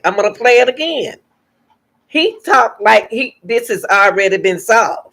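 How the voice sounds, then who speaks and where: A woman's voice: fairly high pitch, lively intonation, measured pace, vocal fry, a bit bright. A woman hosting a reaction channel, giving emphatic commentary and repeating her points to her viewers.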